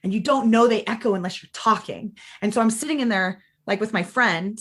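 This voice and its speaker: A woman in her thirties tells her story as a podcast guest, in an animated and conversational way. She rushes from point to point, drops in quoted voices and fills her talk with "like". Her pitch sits in the middle for a woman. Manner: animated, fast-flowing, quotes people in lively voices, many "like"s. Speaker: guest, former direct-sales team leader.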